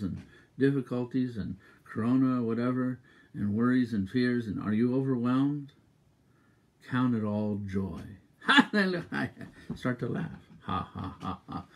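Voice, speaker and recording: A medium-pitched minister preaches an exuberant, emphatic sermon, repeating his exhortations and breaking into loud, rhythmic laughter.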